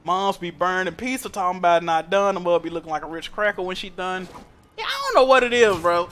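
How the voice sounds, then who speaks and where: A young man streaming a game, telling stories in animated, profane slang. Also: high voice, fast. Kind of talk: casual chat while gaming.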